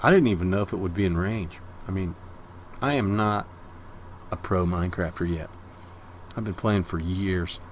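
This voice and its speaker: A man's voice: deep voice, moderate pace, long pauses, a little hiss or hum. A man hosting a Minecraft let's-play, rambling casually to his viewers and cooing at the cats in his base. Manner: chatty and rambling, talks to viewers as guys; baby talk and meowing at the cats. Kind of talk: casual gameplay commentary.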